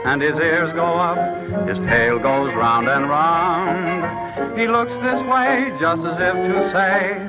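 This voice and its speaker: A smooth flirtatious crooner. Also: male voice, on the high side, slow, over loud music. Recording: dull lo-fi 1930s film sound with orchestra.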